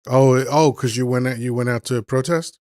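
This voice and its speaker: A man in an easygoing live host's chat, wandering from thought to thought with plenty of ums and restarts. His voice sits at an ordinary middle pitch. It is recorded dry and close, with no room sound around it. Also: fairly even intonation, normal speed, darkish tone, no room sound. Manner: rambling, easygoing, thinks aloud with many fillers. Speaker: host of a live call-in stream. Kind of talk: casual chat. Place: live online stream.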